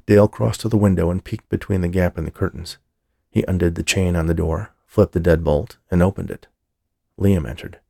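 A man narrates a novel in a measured, steady storytelling way. His voice is deep with a gravelly, husky grain. The recording is dry and close-miked. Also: dry recording. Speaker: audiobook narrator. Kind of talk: scripted narration.

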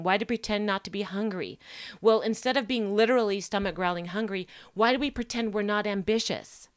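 A woman with a mid-range voice hosts a solo podcast, speaking emphatically and piling up rhetorical questions, often tagging them with "right?" The recording is dry and studio quality.

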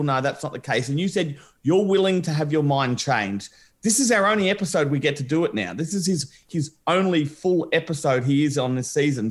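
Eager, rambling podcast co-host. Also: male voice, fairly high pitch. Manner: enthusiastic, rambling with restarts. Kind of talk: casual podcast chat.

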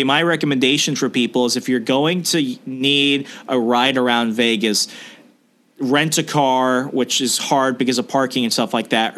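A young man telling a story in a casual podcast chat, animated and quick to act out the people he quotes. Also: medium pitch. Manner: animated, acts out quoted people in put-on voices. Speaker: podcast co-host.

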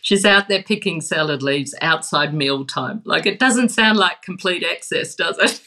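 A woman's voice: lowish voice, moderate pace. A woman guest expert in an interview, telling stories with enthusiasm and frequent laughter. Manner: animated, laughs often. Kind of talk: conversational interview.

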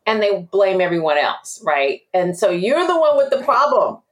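Animated woman telling stories. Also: medium pitch, moderate pace. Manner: animated storyteller acting out examples. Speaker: guest expert on emotional intelligence. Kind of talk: interview conversation.

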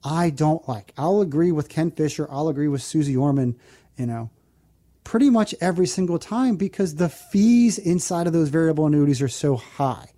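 Male radio host, somewhat high but mellow voice, earnest advice-giver. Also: expressive. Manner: earnest, explanatory, repeats phone number slowly. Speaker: financial advisor and radio show host. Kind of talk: radio talk show advice.

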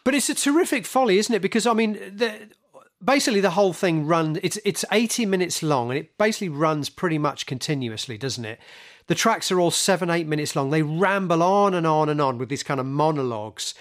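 Guy cohosting a music podcast, bit higher voice, wry, keeps tacking on "isn't it?". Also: lively intonation, a little fast. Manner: wry, asks tag questions, emphatic. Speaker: podcast co-host. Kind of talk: casual music chat.

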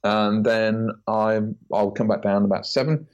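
Brief: male guest, 40s, deep-ish voice, muffled lo-fi audio, chatty storyteller who does voices. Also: unhurried. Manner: animated storyteller, acts out quoted voices. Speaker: podcast guest, branding consultant. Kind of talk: casual interview chat. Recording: dull lo-fi audio.

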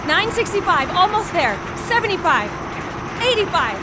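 A tense young woman pilot, urgent and anxious. Her voice is very high and moves widely. Loud noise sits behind this audio drama. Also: big pitch swings, normal speed.

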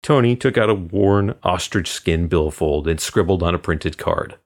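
A man from Florida reading a crime story as guest narrator in measured, even storytelling. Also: sits low. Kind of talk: scripted audiobook narration.

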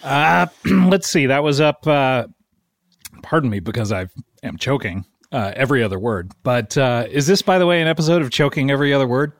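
Deadpan male comedy podcast co-host, dry close mic, mid-range voice. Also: mid-range voice, brisk, dry recording. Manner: dry, deadpan joking with playful mock questions. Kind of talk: casual comedic chat.

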